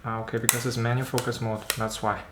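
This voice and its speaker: A man doing a casual unboxing vlog about camera gear, chatting in a halting way and thinking aloud as he handles the lens. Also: mid-range voice, flat delivery, sharp tone, slight background noise. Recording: roomy echo.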